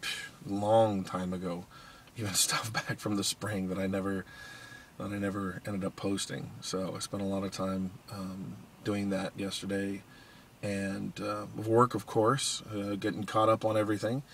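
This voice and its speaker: A man's voice: lowish voice, little pitch movement, measured pace, slight background noise. A tired man chatting casually in a morning vlog, rambling with many ums and restarts and yawning often. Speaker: vlogger. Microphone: iPod Touch camera.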